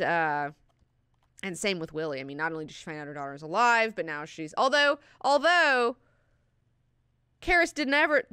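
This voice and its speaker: A woman's voice: low-pitched, sharp tone, clear, resonant tone, dry recording, studio quality. A woman hosting an online book class, recapping chapters in a chatty, profane way with lots of filler words.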